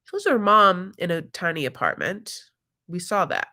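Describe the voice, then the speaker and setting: A woman's voice: lowish voice, sing-song, normal speed, pushed and bright. Sassy, giggly woman host chatting. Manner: chatty, giggly, heavy use of fillers; sassy, calls people honey and my love. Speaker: reality TV recap host. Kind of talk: casual live-stream commentary.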